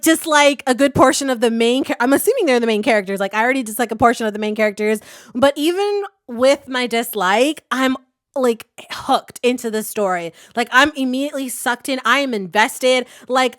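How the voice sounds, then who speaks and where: A young woman hosting a comic reaction video, talking casually, swearing and shouting at the story, then calmly giving advice on writing characters. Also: high-pitched, no echo, clean studio sound. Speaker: webcomic reaction host.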